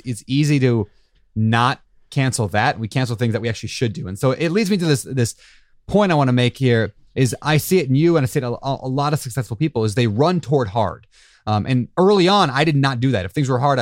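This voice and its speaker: Man, podcast co-host, rapid talker, reflective, dry close recording. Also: mid-range voice, animated, dry recording. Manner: rapid, reflective, lots of fillers. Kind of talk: casual podcast conversation.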